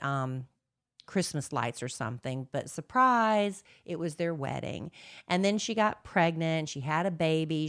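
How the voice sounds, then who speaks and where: A woman's voice: low voice, clear, resonant tone. A middle-aged woman co-hosting a podcast, rambling and gossipy in casual chat, with lots of fillers. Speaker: podcast co-host.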